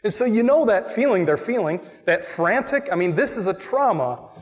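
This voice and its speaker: A man preaching a sermon as a pastor, animated, asking the congregation questions and acting out quoted voices. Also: high voice, normal speed, in a large hall. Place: church.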